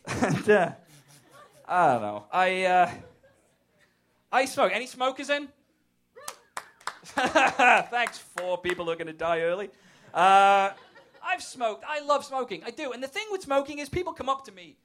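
An English man with a high, bright voice that swings animatedly up and down. He is a stand-up comic with a wry, self-deprecating and profane sense of humor. His tone is sharp and forward. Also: expressive, a little slow, pauses often. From England. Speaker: stand-up comedian. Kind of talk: stand-up set and casual interview.

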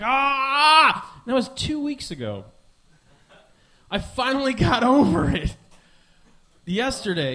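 A man in his twenties from the American Midwest, hosting a podcast with a rambling, profane, self-mocking comedic monologue. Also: high voice. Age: 20s. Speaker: podcast host.

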